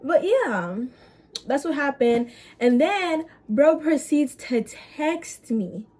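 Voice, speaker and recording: A young woman vlogger telling a story in casual chat, animated and swearing, with quick bursts and drawn-out words. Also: high-pitched.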